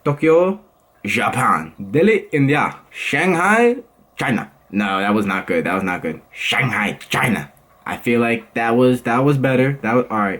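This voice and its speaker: A man's voice: fairly low pitch, a bit bright. A young man in his twenties vlogging casually, slangy and rambling, laughing often. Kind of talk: casual vlog chat.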